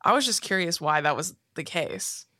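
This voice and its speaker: A woman in her twenties from California, co-hosting a podcast in casual chat, telling animated stories, swearing freely and laughing often. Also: low-pitched, normal speed. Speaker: podcast co-host.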